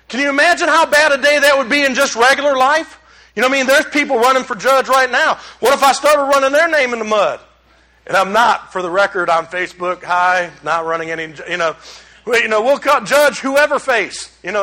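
A man preaching a sermon, addressing the congregation as y'all and swinging between loud exclamations and hushed asides. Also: very high-pitched. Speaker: pastor.

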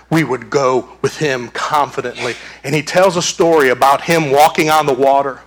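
A man preaching a sermon as a pastor, animated, acting out screams and voices while he tells the story. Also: medium pitch, moderate pace, few pauses.

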